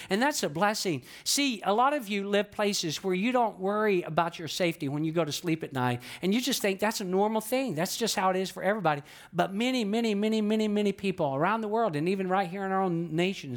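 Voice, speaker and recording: A man's voice: high voice, fairly bright tone. A male pastor preaching a sermon in a conversational way, repeating phrases for emphasis and asking the congregation questions. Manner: sings snippets of old hymns.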